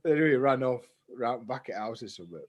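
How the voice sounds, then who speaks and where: A man's voice: medium pitch, animated, quick pace. A young man, casually telling a long story on a podcast, rambling and swearing freely. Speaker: podcast co-host.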